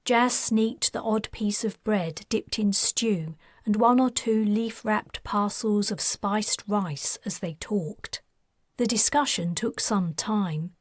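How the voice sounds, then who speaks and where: A woman narrating her own science fiction audiobook in a measured, even way on a close studio mic. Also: medium pitch, no room sound.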